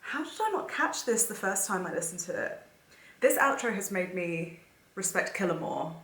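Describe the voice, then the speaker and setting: A young woman talks in an excited, gushing, emotional way, thinking out loud as she listens. Her voice sits a little low for a woman. The sound is roomy and echoey. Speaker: vlogger. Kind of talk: casual reaction commentary.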